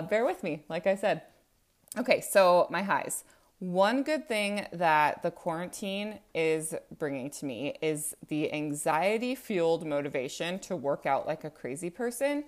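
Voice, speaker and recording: A woman's voice: fairly low pitch, a little mellow. A woman in her thirties hosting a casual solo podcast, chatty and a bit self-conscious, with frequent ums. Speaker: podcast host.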